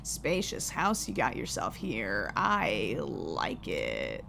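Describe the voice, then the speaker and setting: A woman voicing a sinister male stranger in a game, speaking slowly in a low, drawling, menacing voice. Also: huge pitch swings, creaky, fairly bright tone, a little hiss or hum, full character voice.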